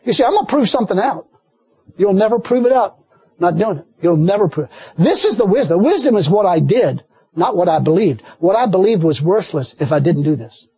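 A man preaching a sermon with folksy, animated storytelling and frequent laughter. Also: high voice, fairly quick, husky, no echo.

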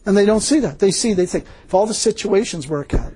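An older man giving an informal, folksy sermon, laughing often and growing animated as he preaches. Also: sits high, brisk, hardly any pauses, a little hiss or hum.

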